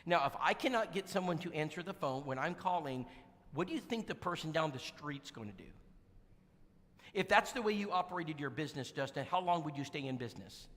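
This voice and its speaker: Animated man preaching in a church. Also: a little high, fairly quick. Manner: animated, acts out dialogue. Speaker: church speaker. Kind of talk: storytelling sermon. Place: church sanctuary. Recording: echoey church hall.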